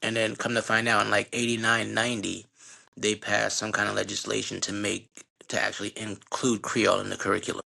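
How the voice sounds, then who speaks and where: Middle-aged haitian-born guy, lowish gravelly voice, loose slangy storytelling. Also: completely flat delivery, a little fast, sharp tone. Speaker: guest. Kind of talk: casual storytelling conversation.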